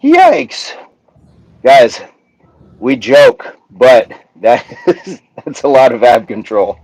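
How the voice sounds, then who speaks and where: A man hosts a live workout stream, calling out reps in a steady rhythm and chatting with his viewers between sets. His voice sits at an ordinary middle pitch. It is recorded dry, with no room echo behind it. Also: slow pace. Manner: counts reps aloud in steady pairs, upbeat and joking with viewers. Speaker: fitness coach hosting a live workout.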